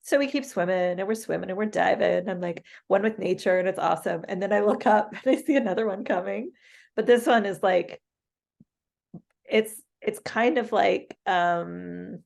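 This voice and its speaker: A woman's voice: mid-range voice, normal speed, creaky. A woman co-hosting a podcast, telling a travel story casually with frequent laughs and fillers. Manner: animated, laughs mid-story, many fillers. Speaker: podcast co-host.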